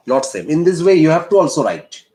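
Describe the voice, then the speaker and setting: A male teacher with an Indian English accent, slowly explaining a physics lesson and repeating key points. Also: a little high, sing-song, warm tone. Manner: slow, repetitive explaining. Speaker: science teacher.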